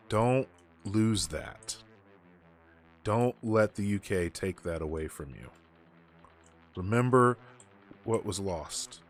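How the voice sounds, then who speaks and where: Ranting, sarcastic low-voiced male streamer. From United States. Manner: ranting, sarcastic, swears freely. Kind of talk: casual chat while gaming.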